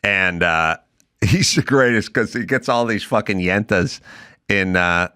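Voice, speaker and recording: A man hosting a talk show, ranting casually and profanely in animated banter. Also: lowish voice, measured pace, smooth, no echo, clean studio sound. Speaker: podcast host.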